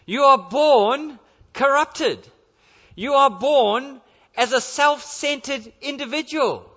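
A man's voice: extremely high pitch, sharp tone. A male pastor preaching an earnest sermon in a church, driving his points home with repeated rhetorical questions. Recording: dull lo-fi sound with long church reverb.

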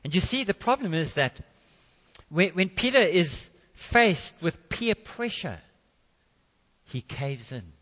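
A man's voice: high-pitched, very animated, slow, pauses often, fairly bright tone, big-room sound, highs cut off. A man preaching a sermon in a conversational way, with jokey asides.

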